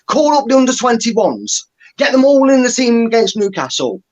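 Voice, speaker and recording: Exasperated football fan, high voice, blunt and sweary ranting. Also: male voice, big pitch swings, moderate pace, dull audio. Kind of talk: angry fan rant.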